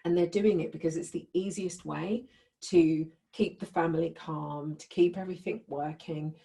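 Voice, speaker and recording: Woman workshop leader with a low, warm voice; conversational and keeps checking in with the group. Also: fairly even intonation, moderate pace, vocal fry. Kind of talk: teaching a live group.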